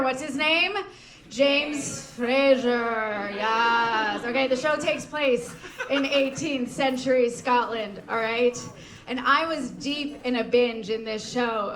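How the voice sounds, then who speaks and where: A young woman telling a comic dating story on stage, chatty and always checking in with the crowd with "okay?" and "right?". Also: sits high. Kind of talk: live comedic storytelling. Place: live show venue with an audience. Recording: echoey room with a loud crowd.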